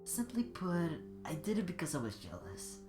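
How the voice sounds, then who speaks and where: A jealous, lovestruck older man, as a sick, congested man reads him aloud. The delivery is offhand and casual. Guitar music plays loudly in a roomy space. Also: on the high side, wildly swooping pitch, moderate pace, voice pushed up. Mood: smitten. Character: smitten, jealous older male skater. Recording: echoey room with loud music.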